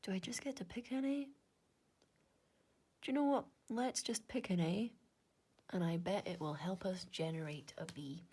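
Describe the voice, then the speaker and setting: Low husky Inverness Scottish woman. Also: normal speed, pauses often, mellow. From Scotland. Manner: muttering to herself, with half-whispered asides. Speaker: maths content creator. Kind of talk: casual thinking-aloud maths session.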